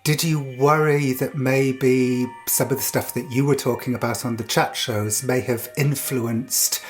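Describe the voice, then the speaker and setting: A man's voice: medium pitch, fairly even intonation, a little slow. Guy hosting a podcast, thoughtful chatty interviewer, bit of music behind. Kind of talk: interviewing and scripted narration.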